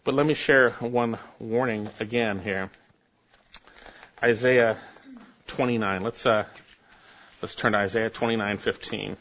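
A man preaching a sermon, reading scripture aloud and building to sudden emphatic rises in pitch and force. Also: fairly even intonation, measured pace, long pauses, a bit bright, muffled recording. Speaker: pastor.

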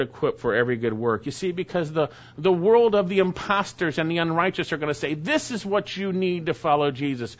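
A man preaching an expository sermon, reading scripture aloud slowly and then explaining it in plain, casual asides. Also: mid-range voice, fairly bright tone. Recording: dull lo-fi sound.

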